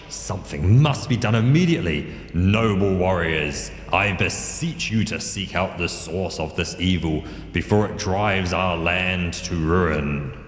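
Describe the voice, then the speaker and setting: A man voicing a pompous older king who speaks in slow, grand declamations. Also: sits low, reverberant, in a large hall, a little hiss or hum.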